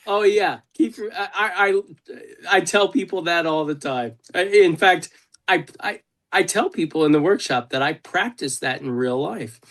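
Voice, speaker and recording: A man's voice: sits high, animated, moderate pace, a bit bright. A man hosting a consultation over a video call, telling stories bluntly and swearing freely. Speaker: consultant host. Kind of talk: casual video call chat.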